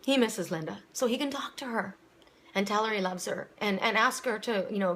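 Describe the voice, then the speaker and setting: A woman's voice: mid-range voice, animated, moderate pace, a bit bright, slight background noise. A woman giving a casual, rambling spoken oracle reading, repeating her words and near tears at times. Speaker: psychic reader. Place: home, seated.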